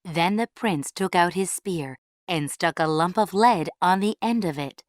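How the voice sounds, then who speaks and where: A woman reading a storybook aloud in a clear, measured way for English learners. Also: lowish voice.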